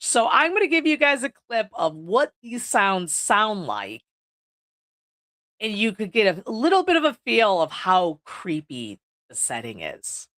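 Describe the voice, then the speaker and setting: At medium pitch but with huge swings, a woman speaks unhurriedly in a slightly bright voice. She's a podcast host casually recapping a horror movie on video indoors, swearing freely and padding her sentences with "like."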